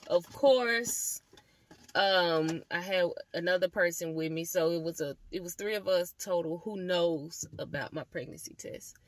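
A young woman telling a storytime vlog to the camera, animated and swearing freely as she talks to her viewers. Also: fairly low pitch, no room sound. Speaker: vlogger.

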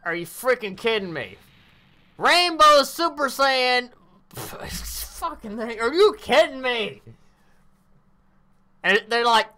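Woman chatting thru her game pulls, slow talker, bright voice, groans and cusses a lot. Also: fairly high pitch. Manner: animated, groaning, swears. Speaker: mobile game streamer. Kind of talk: casual gameplay commentary.

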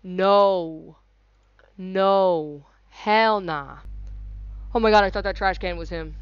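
A woman's voice: medium pitch, slow, clean tone, no echo. Jumpy, swearing young woman gamer. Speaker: gaming YouTuber. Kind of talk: horror let's play commentary. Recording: dull lo-fi audio.

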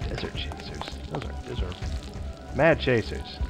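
Over loud background music, a man with a lowish, very animated voice and some vocal fry plays a video game at a slightly slow pace. This let's play host is chatty, talking to himself and viewers with playful, teacher-like asides.

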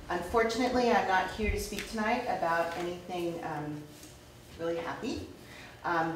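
A woman who leads a teachers' union gives a formal, measured statement at a school board meeting, her voice on the low side. The recording is very echoey, taken from a distance, with clear background noise. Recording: very echoey room, distant mic, noisy.

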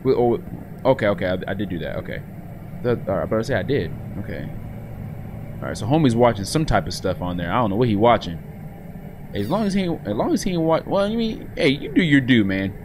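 A man giving slangy, excitable commentary while playing a horror game at home, swinging from low mutters to sudden yelps. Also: brisk, noisy background. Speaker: gaming channel host. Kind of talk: let's play commentary. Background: horror game music and sounds.

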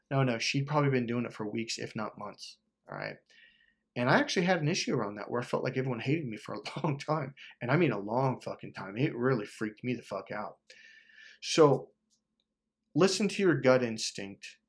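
A man delivers a fired-up motivational rant, his voice sitting a little high for a man. He swears freely and acts out what other people said to him. He jumps from loud urging to low muttering. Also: sing-song, a little fast. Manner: intense, profane, swings between loud urging and low muttering. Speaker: self-help vlogger. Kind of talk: passionate motivational monologue.

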